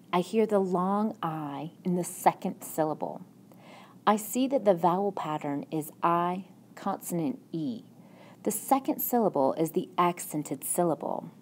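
A woman's voice: lowish voice, a little mellow, slight background noise. A woman teacher giving a recorded phonics lesson in a patient, encouraging classroom manner. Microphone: tablet microphone.

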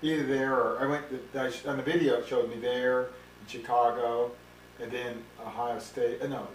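A man reminiscing in casual family conversation, rambling and correcting himself as he goes. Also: medium pitch. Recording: echoey room, distant mic, faint hiss.

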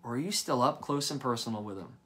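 A man's voice: medium pitch, animated, fast talker, fairly bright tone. A young man preaching a sermon in an earnest, conversational way, often repeating phrases.

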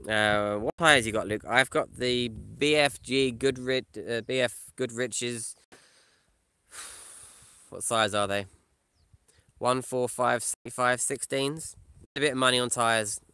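A man's voice: mid-range voice, slow, pauses often, pushed and bright, clear, resonant tone, dry recording. A man vlogging live from his camper van, chatting casually and reading out viewers' comments. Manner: casual, chatty, reads comments aloud and answers them. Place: in a camper van or parked outdoors.

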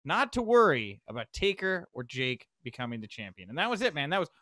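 A man hosting a podcast in casual chat, recapping events with lively, excitable asides. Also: fairly high pitch, brisk, no echo. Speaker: podcast host.

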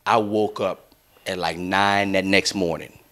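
A man's voice: deep voice, fairly even intonation, unhurried, a bit bright. A young adult man hosting a podcast. He tells a long story in loose, profane, laughing chat and acts out the other people's lines. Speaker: podcast host.

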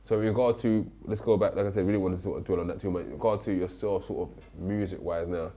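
A man interviews a guest, his low voice moving quickly while he stumbles and restarts his questions along the way. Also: steady tone, warm tone. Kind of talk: casual interview.

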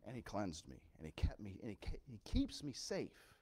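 A male pastor preaching a sermon with impassioned swings from quiet storytelling to loud emphasis. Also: lowish voice, huge pitch swings, normal speed, slightly rough.

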